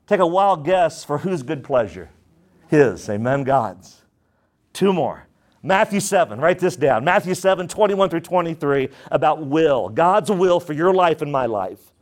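Emphatic preaching male pastor. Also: big pitch swings. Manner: emphatic scripture reading, rising in pitch; slow prayerful tone. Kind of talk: sermon.

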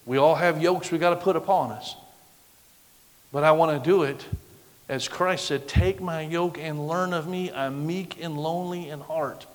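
A middle-aged man preaching a sermon with a loud, projecting voice, acting out the voices of the people he quotes. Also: a little high, normal speed. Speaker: pastor. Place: church sanctuary. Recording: long hall reverb.

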